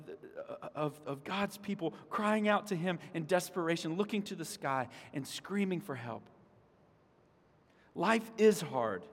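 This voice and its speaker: A man preaching a sermon as pastor, earnest, with repeated words and restarts. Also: high-pitched. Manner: dramatic shouts when voicing the psalm's cries. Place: church sanctuary. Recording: long hall reverb.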